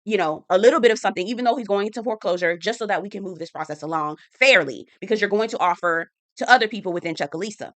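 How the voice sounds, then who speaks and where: A woman voicing an earnest young man calmly arguing for a fair offer. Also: medium pitch, racing, few pauses, no room sound, lightly acted. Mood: coaxing.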